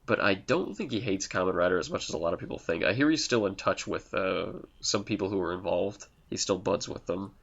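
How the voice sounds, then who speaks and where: A man's voice: low voice, a little fast, creaky, hardly any pauses, fairly bright tone, highs cut off. A Canadian man co-hosting a podcast, rambling and laughing often in casual, sweary banter. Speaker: podcast co-host.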